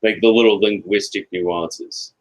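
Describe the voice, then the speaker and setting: A man's voice: fairly low pitch, fairly even intonation, unhurried, slight background noise, poor audio. An American man co-hosting a casual podcast, laughing often, retelling scenes with put-on voices and swearing bluntly. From United States. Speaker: podcast co-host.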